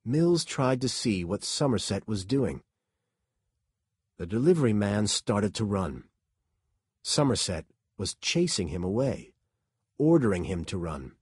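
Here is scripted narration from a man with a husky, fairly low-pitched voice, reading slowly for an audiobook. The delivery stays measured but expressive, and the studio sound is clean and dry.

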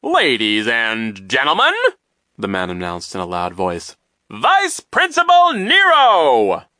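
A man voicing a pompous, loud male vice principal who announces himself grandly and mocks children. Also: medium pitch, very animated, a little fast, no room sound, studio quality, pitched above the performer's own voice. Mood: grandiose.

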